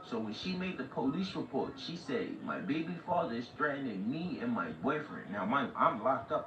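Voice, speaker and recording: A man's voice: mid-range voice, normal speed, few pauses. Man telling a story in street slang, echoey lo-fi. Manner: animated street slang, repeats "like" and "right?". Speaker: livestream host telling a story. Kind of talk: casual storytelling. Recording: far-off echoey lo-fi mic with noise.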